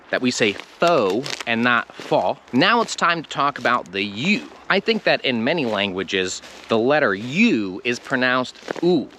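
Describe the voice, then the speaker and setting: An American man teaching English pronunciation to camera, explaining slowly and stretching out the sounds he demonstrates. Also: medium pitch, sharp tone, slight background noise. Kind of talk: online language lesson.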